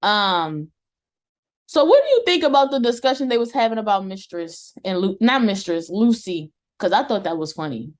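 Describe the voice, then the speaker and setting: A woman co-hosting a casual TV review chat, animated and slangy, often laughing. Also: mid-range voice, normal speed. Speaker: co-host of a TV review show.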